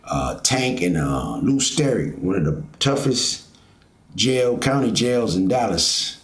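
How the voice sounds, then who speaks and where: Middle-aged man, low-pitched, loose rambling storyteller, recorded with room echo. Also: very animated, slow. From Fort Worth, Texas. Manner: rambling, with many fillers. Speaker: vlogger. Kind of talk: casual storytelling. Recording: roomy echo.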